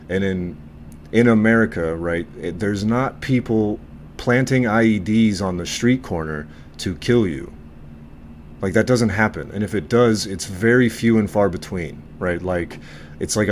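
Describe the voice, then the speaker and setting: A man's voice: low voice, slight background noise. A man co-hosting a casual group chat among veterans, talking bluntly with lots of swearing. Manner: blunt, profane, animated storytelling. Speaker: podcast co-host, veteran.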